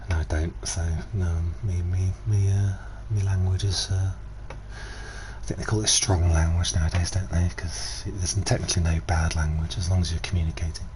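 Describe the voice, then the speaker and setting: A man's voice: deep voice, flat delivery, normal speed, a crowd in the background. A middle-aged man streaming casually, chatty and rambling, who swears freely and laughs often. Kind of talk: casual livestream commentary.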